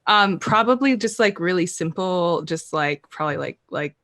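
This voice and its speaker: A woman's voice: on the low side, animated, normal speed, a bit bright, no echo, clean studio sound. A woman chatting hesitantly while playing a tabletop game. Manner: hesitant, chatty, full of fillers. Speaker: player.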